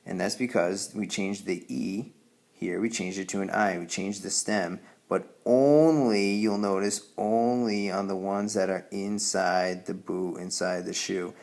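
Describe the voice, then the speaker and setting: Male Spanish teacher, low gravelly voice, patient explainer who keeps asking "okay?". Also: steady tone, a little slow. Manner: patient, repeats "okay?" to check understanding. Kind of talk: classroom grammar lesson.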